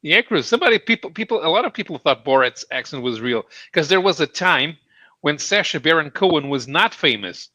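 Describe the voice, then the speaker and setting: A man's voice: a little high, expressive, a little fast, sharp tone, no echo. A man with a North London accent co-hosting a casual podcast, reading viewer comments aloud and laughing often. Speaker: podcast co-host reading chat. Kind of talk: casual chat.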